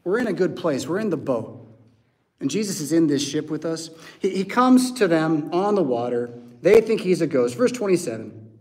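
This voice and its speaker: A male American pastor delivers a sermon in a church, talking in a lively, theatrical way. He acts out little scenes with put-on voices and sound effects. His voice sits a bit higher than most men's. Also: moderate pace.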